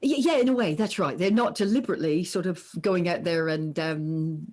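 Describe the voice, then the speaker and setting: With a lowish voice and a moderate pace, a middle-aged woman psychologist talks through ideas in a relaxed podcast interview. She animatedly performs the voices of those she quotes.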